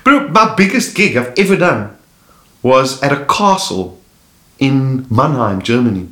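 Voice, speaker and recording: A man's voice: mid-range voice, measured pace. Laughing South African man, roomy sound. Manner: animated storyteller, laughing often, slangy. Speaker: comedian guest. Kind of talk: casual podcast chat. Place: host's house. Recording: roomy echo in a home.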